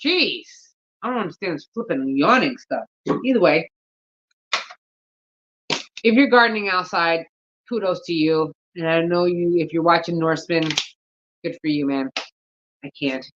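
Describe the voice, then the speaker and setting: A woman's voice: fairly low pitch, moderate pace, pauses often, muffled recording, noisy background. A woman vlogging about gardening in a casual, rambling chat, thinking aloud and yawning often. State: sleepy, yawning.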